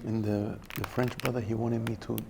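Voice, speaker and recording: A man's voice: on the low side, little pitch movement, normal speed, vocal fry, background noise. A young man vlogging casually, telling laid-back, slangy stories and laughing along. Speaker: vlogger and Arabic teacher. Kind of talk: casual storytelling vlog.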